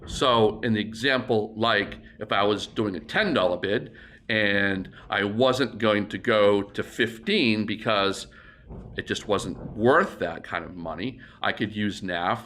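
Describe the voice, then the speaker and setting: A man in middle age teaches how to call an auction, his voice bright and ringing. He moves between relaxed explanation and brisk, rhythmic bid chants that climb in pitch. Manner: explains plainly, then breaks into rapid auction bid chants. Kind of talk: instructional demonstration.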